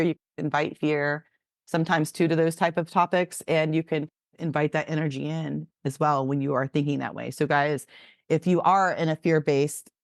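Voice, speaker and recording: Low-voiced woman telling a lively story. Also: no room sound, studio quality. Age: 40s. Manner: animated storyteller acting out quotes. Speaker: podcast co-host. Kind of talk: casual storytelling chat.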